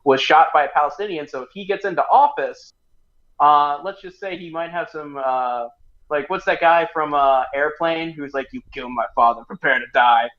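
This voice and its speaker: A man's voice: fairly high pitch, normal speed, highs cut off. A man co-hosting a casual livestream chat, joking and laughing often. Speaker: co-host.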